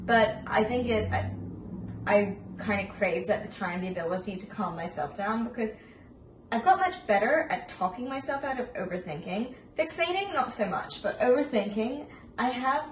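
A woman's voice: fairly high pitch, lively intonation, normal speed. A young woman co-hosting a podcast in casual chat, telling rambling, reflective stories. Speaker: podcast co-host. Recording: roomy, slightly distant mic with faint room noise.

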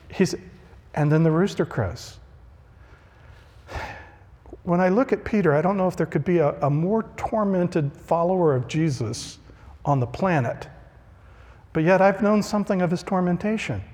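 A man's voice: high voice, darkish tone. A man preaching a conversational sermon, acting out the voices he quotes. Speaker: pastor. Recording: long reverb of a large hall.

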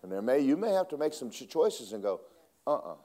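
A man preaching a sermon, swinging between loud emphatic lines and hushed asides. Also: mid-range voice, big pitch swings, quick pace.

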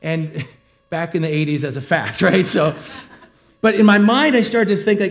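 A middle-aged male pastor giving a sermon in a conversational, joking way, with lively acted asides. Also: high-pitched, normal speed.

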